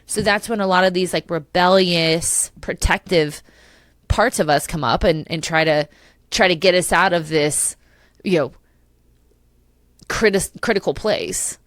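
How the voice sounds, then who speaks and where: A woman's voice: lowish voice, measured pace, no room sound, studio quality. A middle-aged woman hosting a solo podcast, talking passionately and emotionally with many restarts. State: tearful at times. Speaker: podcast host.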